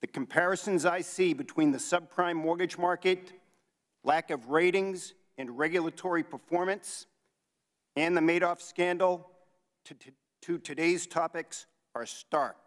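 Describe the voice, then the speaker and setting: A man reads prepared testimony in a formal, measured manner, his voice sitting slightly high. A long reverb from the large hearing room trails his words. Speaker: hearing witness, financial investigator. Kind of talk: read prepared statement.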